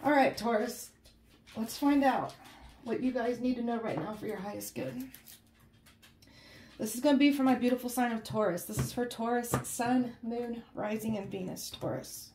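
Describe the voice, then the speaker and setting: A woman's voice: fairly high pitch, steady tone, normal speed, a little mellow, slight background noise. Chatty woman tarot reader, echoey room. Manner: chatty, often ends phrases with "okay?" and "guys". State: emotionally shaken, holding back tears. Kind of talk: casual tarot reading to camera. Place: indoors at home, with a cat nearby.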